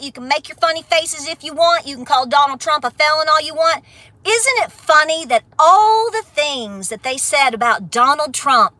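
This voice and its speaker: A middle-aged homestead vlogger from Appalachia, her voice sitting high with a sharp tone and no echo, goes on a blunt rant during a casual livestream. Afterward she laughs and gets affectionate with the people watching.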